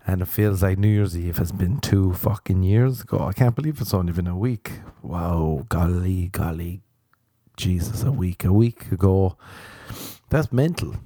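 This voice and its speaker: A man's voice: sits low, normal speed, mellow, no room sound, studio quality. Sweary man rambling on a podcast. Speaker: podcast host. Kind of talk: solo comedic podcast monologue.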